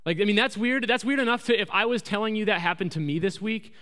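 A man preaching a sermon as pastor, telling the story in a lively, jokey way on a microphone in a church. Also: high voice, quick pace. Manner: animated storytelling, jokey asides. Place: church sanctuary. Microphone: handheld microphone. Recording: reverberant church hall.

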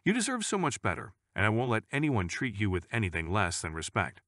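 A man reading the lines of a loyal, protective wife in a storybook narration, firm and steady. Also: lowish voice, a little fast, no room sound, studio quality, full character voice.

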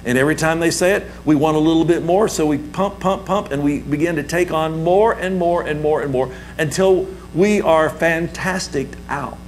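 A man's voice: fairly high pitch, normal speed, few pauses, a little hiss or hum, poor audio. A man preaching a sermon as pastor, emphatic and repetitive, leading the congregation in call-and-response.

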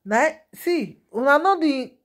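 A woman vlogger speaking Nigerian Pidgin English, chatting in a lively, gossipy way and laughing at the story. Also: sits high, a little slow. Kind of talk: casual gossip vlog.

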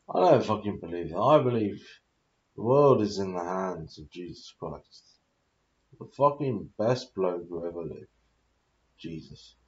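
British man, 30s, low voice, rambling confessional vlog full of swearing; muffled lo-fi sound. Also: darkish tone, reverberant. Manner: swears a lot, rambling and confused. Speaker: vlogger. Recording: dull lo-fi audio.

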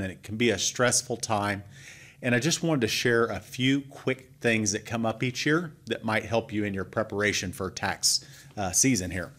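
Low-ish guy, financial advisor talking to clients, easygoing w some ums. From Oklahoma, US. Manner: relaxed, conversational, with fillers. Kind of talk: client update talk.

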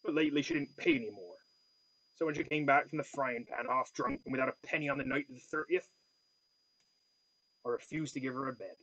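A man's voice: mid-range voice, fairly even intonation, fairly quick, pauses often, a bit bright, no echo, muffled recording. A man voicing a grasping male lodging-house manager who talks bluntly and haggles over money. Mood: grumbling.

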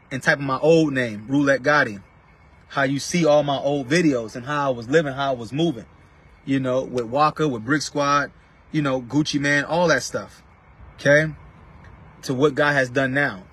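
A man's voice: medium pitch, a bit bright, slightly rough. A man preaching to his online viewers from inside a car, emphatic and calling out to them by name. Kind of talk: casual live-stream preaching.

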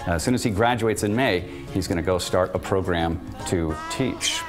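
A man hosts a campus quiz show in a fairly low voice, upbeat as he reads out answers and scores. Faint music sits behind him. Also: moderate pace. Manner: upbeat, announces scores and introductions. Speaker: host. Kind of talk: student TV quiz show hosting.

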